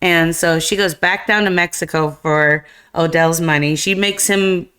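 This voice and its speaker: Her voice is fairly low, smooth, and a little slow. As a podcast co-host on a live stream, she chats casually about a film, retelling its plot in a rambling, animated way with plenty of fillers and lines she acts out.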